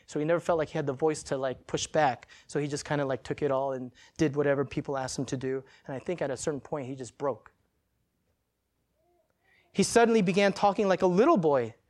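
A male pastor preaching in a church, telling a personal story in a casual, animated way and acting out the quotes. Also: on the high side, brisk.

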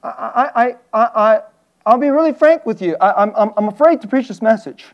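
A man preaching a sermon as a pastor, earnest and animated, often chuckling and stammering as he talks. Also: very high voice, brisk, dull audio.

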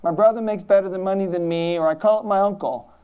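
A middle-aged woman pastor gives a relaxed children's sermon before a church congregation. She speaks in a mid-range voice, poses questions to the kids and laughs often as she explains. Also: mid-range voice, fast talker, clean tone, dull audio. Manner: chatty, informal, asks questions, laughs often.

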